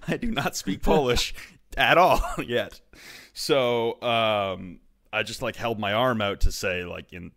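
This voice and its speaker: A young Canadian man, an esports broadcaster, telling a story in casual chat and swearing a lot. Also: lowish voice. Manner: swears a lot, animated retelling.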